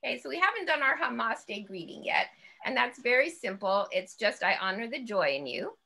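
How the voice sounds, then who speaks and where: A bright, upbeat woman leads a laughter yoga class, her voice set a little high. She chants and giggles along as she guides slow breaths. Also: big pitch swings, vocal fry.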